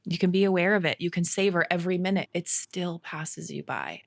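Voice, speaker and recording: A woman's voice: fairly low pitch, a little fast, gravelly, dry recording. A middle-aged woman co-hosting a podcast, chatting in a reflective, laughing way. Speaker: podcast co-host. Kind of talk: casual chat.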